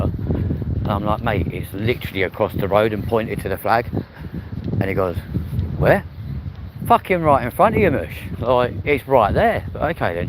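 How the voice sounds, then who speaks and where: A man, chatting bluntly and swearing freely while live-streaming on a walk through a city park. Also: fairly low pitch. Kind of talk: casual walking live stream. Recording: loud outdoor wind and street noise. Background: wind and traffic noise.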